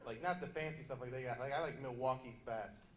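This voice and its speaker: A man doing a loud, punchy stand-up comedy set in a club, slipping into quick character voices. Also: medium pitch. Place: comedy club stage before a live audience. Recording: echoey room, loud crowd laughter.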